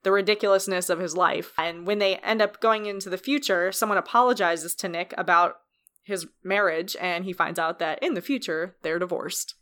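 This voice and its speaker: Bright-voiced woman recapping a plot. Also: fairly low pitch, moderate pace. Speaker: podcast host. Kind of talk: casual film-review chat.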